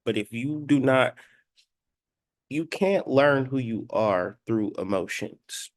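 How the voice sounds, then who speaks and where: A man's voice: mid-range voice, takes it slowly, dry recording, clean studio sound. A man in his thirties giving a blunt, profane spiritual lecture, sometimes acting out quoted voices. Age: 30s. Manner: acts out quoted voices in dialogue. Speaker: spiritual astrology commentator. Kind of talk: preachy monologue.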